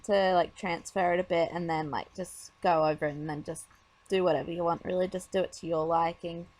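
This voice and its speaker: A woman's voice: lowish voice, steady tone, brisk, a little mellow. Chatty woman narrating a makeup tutorial. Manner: chatty, rambling, many fillers. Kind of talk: casual voice-over tutorial.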